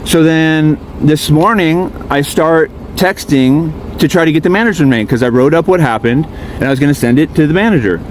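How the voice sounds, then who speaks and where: A man sitting in his vehicle, telling his grievance in a fast, profane, aggrieved rush while filming on his phone. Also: fairly high pitch, slight background noise. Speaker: RV park guest filming a police encounter. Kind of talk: agitated venting monologue.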